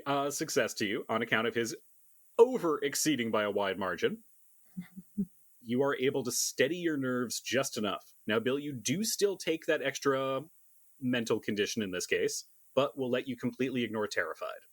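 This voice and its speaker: A man narrating as game master in a playful, animated way. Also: mid-range voice, moderate pace.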